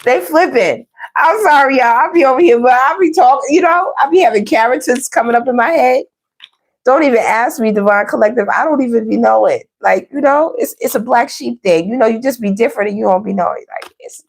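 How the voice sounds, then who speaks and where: A woman's voice: on the high side, animated, a little fast, husky. A woman doing a casual online tarot reading, chatty and playful, who laughs often and talks straight to her viewers. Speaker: tarot reader.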